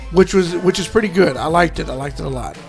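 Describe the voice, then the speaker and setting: High-voiced gravelly man chatting. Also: fast, soft background music. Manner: rambling, many fillers and restarts. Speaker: podcast co-host. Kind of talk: casual chat.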